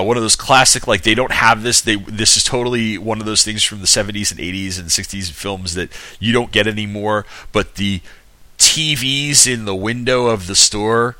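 Man, low voice with a forceful edge, casual rambling film recapper. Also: dry recording. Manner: rambling, many restarts and asides; animated retelling with acted-out quotes. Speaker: film reviewer.

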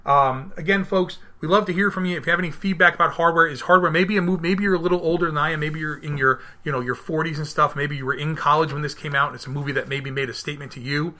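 A man in his thirties hosting a podcast in casual chat, animated, acting out quotes and often restarting his sentences. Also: a little high, fast talker, few pauses. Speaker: podcast host.

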